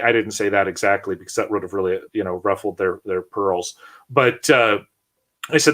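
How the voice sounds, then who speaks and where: A man's voice: on the low side, brisk, pushed and bright. A man hosting a casual political discussion, talking bluntly with many fillers and false starts. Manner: rambling, blunt, frequent restarts and fillers. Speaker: podcast host.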